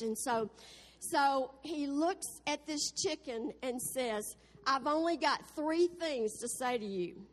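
A woman's voice: high voice, takes it slowly. A woman preacher giving an exuberant sermon, full of exclamations of praise and storytelling asides. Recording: echoey hall.

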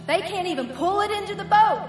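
High-voiced woman preaching in an echoey hall. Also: fairly quick. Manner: animated storytelling that acts out the quoted characters. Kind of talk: sermon. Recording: echoey hall with music behind.

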